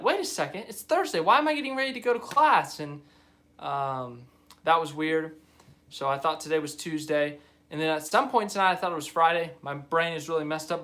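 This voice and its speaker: A young adult man with a fairly high, bright, forceful voice hosts a live stream. He chats casually and rambles while reading viewer comments aloud.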